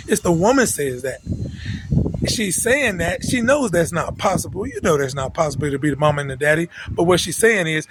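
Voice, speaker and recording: Emphatic preachy man, high-ish voice. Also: lively intonation, fairly quick, background noise. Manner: repetitive, emphatic, with frequent restarts. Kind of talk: preachy direct-address monologue.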